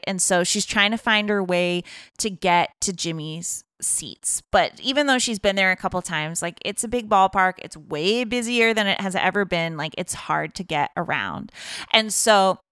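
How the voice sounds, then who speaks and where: Woman from boston chattering through a movie plot, bright crisp voice, dry close mic. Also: fairly low pitch, dry recording. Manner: animated storytelling, acting out dialogue, many fillers. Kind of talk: casual chat retelling a film plot.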